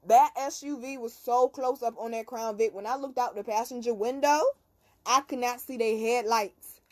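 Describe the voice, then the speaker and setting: Animated young woman telling a wild story. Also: a little high. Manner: animated, profane, slangy storytelling with screamed reenactments. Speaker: podcast host. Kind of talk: casual storytelling.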